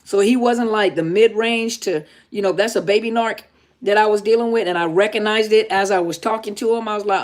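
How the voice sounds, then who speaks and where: A woman's voice: medium pitch, a little fast. A middle-aged woman, a therapist hosting a live Q&A, talking casually and emphatically and repeating her points straight to viewers. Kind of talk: casual live-stream talk.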